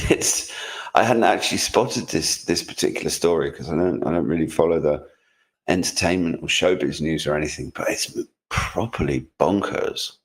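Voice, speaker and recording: A man's voice: rumbling low, normal speed. A man co-hosting a casual news roundup, talking sarcastically and rambling with restarts. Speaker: co-host. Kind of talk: casual news commentary chat.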